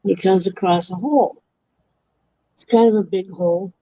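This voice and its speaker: A woman's voice: mid-range voice, moderate pace, dark tone, slightly rough, dry recording, highs cut off. A woman hosting a livestream, casually telling long jokes. She trails off, restarts and corrects herself mid-story, and laughs at her own punchlines. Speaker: livestream host.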